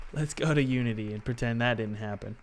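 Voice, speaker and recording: A man's voice: mid-range voice, slight background noise. A man casually teaching game development on a live stream, joking with his chat and talking himself through each step aloud. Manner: playful, jokey, chats directly with the live chat; talks himself through software steps aloud.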